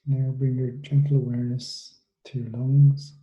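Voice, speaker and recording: A man guides a relaxation meditation in a very dark, mellow voice that barely rises or falls. He gives soft instructions slowly, with long pauses between them, and the room sounds echoey. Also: medium pitch, level tone, muffled recording. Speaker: mindfulness coach for students.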